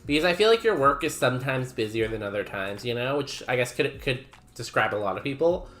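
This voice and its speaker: A man's voice: medium pitch, animated, brisk, fairly bright tone, soft background music. Chatty male streamer reading chat. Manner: chatty, rambling, reads chat aloud. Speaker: game streamer. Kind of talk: casual live-stream chat.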